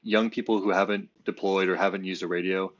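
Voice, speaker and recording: A man with a very deep voice talks casually in a relaxed, halting way, often pausing to restart his sentences. The recording sounds dull and lo-fi. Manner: relaxed storyteller, halting with many fillers and restarts. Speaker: podcast co-host. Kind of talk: casual chat.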